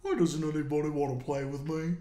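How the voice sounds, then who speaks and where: A man's voice: a little high, steady tone, brisk, dark tone, a little hiss or hum, close to an everyday voice. A man doing a whiny lonely cartoon dinosaur. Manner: plaintive, repeating himself. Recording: echoey room.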